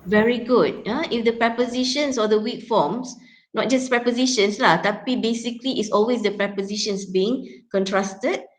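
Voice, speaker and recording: A woman's voice: on the high side, moderate pace, rough recording. A woman lecturer with a Malaysian accent teaching a class, explaining step by step and often checking in with "yeah?". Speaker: university lecturer.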